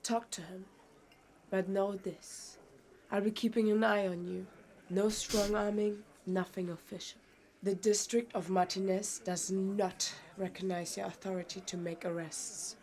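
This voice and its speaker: A man's voice: high-pitched, little pitch movement, measured pace, a little mellow, voice pushed up. A man voicing a stern, cold woman who is a union lawyer in a game, speaking in a clipped, guarded way.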